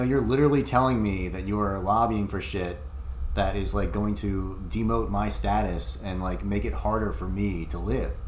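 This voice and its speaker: A man's voice: fairly low pitch, a little mellow, a little hiss or hum. A man livestreaming, talking casually in a heated, profane ramble full of fillers, into a desk microphone.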